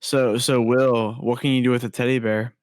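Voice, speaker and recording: A man's voice: medium pitch, level tone, normal speed, a little mellow, no echo, clean studio sound. A man co-hosting a casual podcast, speaking in an offhand, mumbling way. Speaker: podcast co-host. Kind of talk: casual chat.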